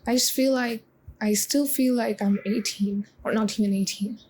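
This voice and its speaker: A woman in her twenties talking in a confessional vlog, halting with many pauses and close to tears. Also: fairly high pitch, steady tone, a little mellow, a little hiss or hum, low-quality recording. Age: 20s. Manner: halting, full of pauses and restarts. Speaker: vlogger.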